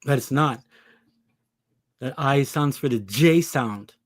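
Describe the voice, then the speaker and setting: A man's voice: medium pitch, takes it slowly, no echo, studio quality. A man preaching an impassioned scripture lesson, pressing his listeners with rhetorical questions. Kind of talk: impassioned religious teaching.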